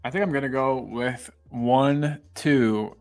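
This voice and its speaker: A man's voice: mid-range voice, takes it slowly, darkish tone, faint music behind. A man co-hosting a casual live-stream podcast, easygoing with teasing banter. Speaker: podcast co-host.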